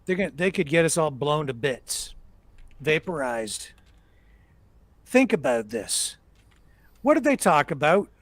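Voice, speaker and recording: Man, high voice, emphatic ranting host, repeats points, dry sound. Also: big pitch swings, measured pace, long pauses, no echo. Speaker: political commentary host. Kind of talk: live political commentary.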